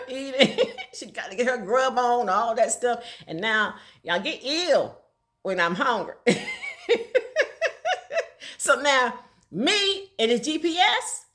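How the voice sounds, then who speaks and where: Middle-aged woman vlogger, animated storyteller, high-ish voice with wide swings, laughs a lot. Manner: animated, laughs often, folksy slang. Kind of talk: casual storytelling monologue.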